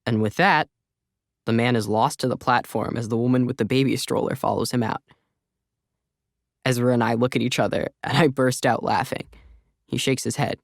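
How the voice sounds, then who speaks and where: Gravelly, wry male audiobook narrator. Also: mid-range voice, steady tone, normal speed, pauses often, no room sound, studio quality. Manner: wry, conversational. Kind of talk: audiobook narration, first person. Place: recording studio.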